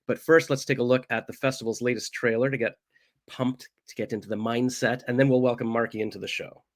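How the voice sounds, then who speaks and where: A man's voice: medium pitch, steady tone, quick pace. A man hosting an entertainment interview show, chatting casually in a jokey, self-deprecating way that rambles off topic. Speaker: host.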